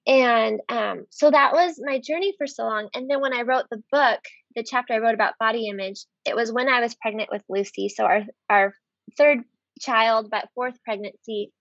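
A woman's voice: a little high, normal speed, creaky, a bit bright, no room sound. Earnest woman sharing her faith story. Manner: earnest, heartfelt, many "like" fillers. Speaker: podcast guest. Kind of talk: casual faith conversation. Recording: dull, dry lo-fi sound.

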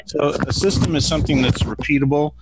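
A man's voice: fairly high pitch, quick pace, very noisy. A man in a group call giving a hesitant answer, filled with ums. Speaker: team member on a call.

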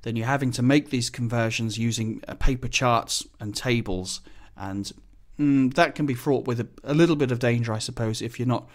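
Chatty pilot explaining procedures. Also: male voice, mid-range voice, moderate pace. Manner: chatty, relaxed, explains technical terms plainly. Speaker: business jet pilot. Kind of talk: casual explanatory monologue.

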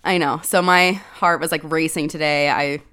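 Woman on a podcast just chatting, animated storyteller, says like a lot, quotes people back and forth. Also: sits low, moderate pace, clean tone. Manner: animated storytelling, quoting others, many fillers. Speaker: podcast co-host. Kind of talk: casual chat.

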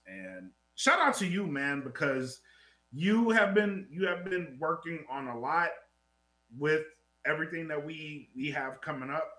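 Bright-voiced excitable male co-host, echoey room. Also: mid-range voice. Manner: excitable, laughs easily, gives shout-outs. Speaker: podcast co-host. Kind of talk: casual podcast banter.

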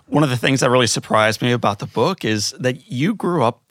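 A man's voice: medium pitch, lively intonation, brisk, fairly bright tone, dry recording, clean studio sound. A man hosting an interview, asking guiding questions and sharing his own stories in a plain, earnest way. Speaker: interview host. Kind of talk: conversational interview.

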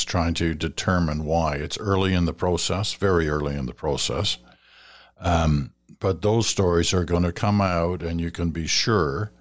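A man hosting a listener feedback segment on radio, talking in a measured, advising way with some fillers and restarts. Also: low voice. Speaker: radio host reading listener letters. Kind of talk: conversational radio commentary.

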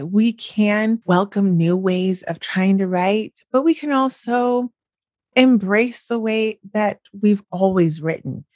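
A woman's voice: mid-range voice, a little mellow, no room sound, clean studio sound. A woman from the United States hosting a podcast, chatting casually and laughing often. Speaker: podcast host.

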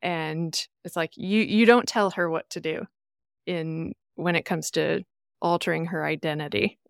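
A woman's voice: sits low, unhurried, gravelly, no room sound, clean studio sound. A woman from the American Midwest, a podcast guest chatting casually and acting out the people she quotes. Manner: animated storyteller, acts out quoted voices.

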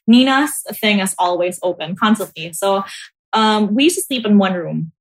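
A woman, a podcast guest telling a ghost story in a casual, animated way and laughing often. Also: normal speed. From Philippines. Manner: animated storyteller, acts out quotes in high squeals, laughs often.

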